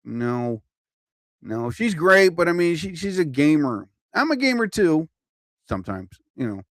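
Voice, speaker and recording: A man's voice: a little high, very animated, unhurried, no room sound, clean studio sound. A man doing a casual, rambling livestream from home, chatty and self-interrupting, laughing at himself and yawning a little. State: yawning, a bit tired. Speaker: comedian livestreaming. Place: at home, TV on overhead. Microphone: phone or computer mic, livestream.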